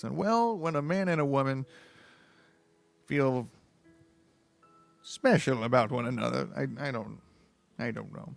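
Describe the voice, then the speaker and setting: A man's voice: mid-range voice, moderate pace, gravelly, faint music behind. A man with a head cold reading a book aloud, breaking off into crude, bewildered, self-mocking asides. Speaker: book reader. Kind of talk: comedic reading with rambling asides.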